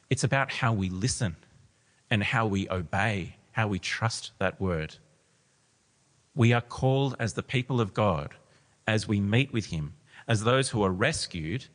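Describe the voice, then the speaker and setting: A man's voice: fairly low pitch, moderate pace, a bit bright. A man preaching a sermon, reading scripture aloud with emphasis and then explaining it to a gathered church. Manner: emphatic, reads scripture with rising intensity. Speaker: pastor. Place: church hall. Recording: long hall reverb.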